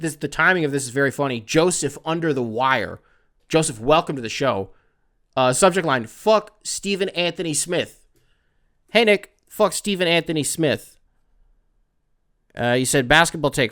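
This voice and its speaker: A man hosting a solo podcast in a loose, rambling, profane way, full of fillers and asides, who gets excitable when worked up. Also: mid-range voice, clear, resonant tone. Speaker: podcast host. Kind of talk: casual solo podcast storytelling.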